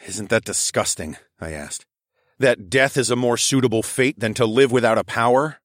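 A man narrating a first-person story in a calm, steady reading voice. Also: medium pitch, moderate pace, no room sound, clean studio sound. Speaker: audiobook narrator.

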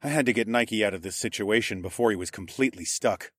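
A man's voice: on the low side, fast, a bit bright, dry recording, studio quality. A man narrating an audiobook in first person, reading steadily.

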